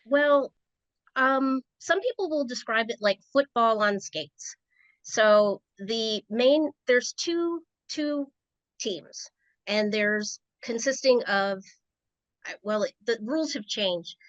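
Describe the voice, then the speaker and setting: Chatty and casual, a Rhode Island woman shares stories as a podcast guest in an interview. She speaks slowly and animatedly in a slightly high, bit bright voice, and the recording is dry, dull and lo-fi.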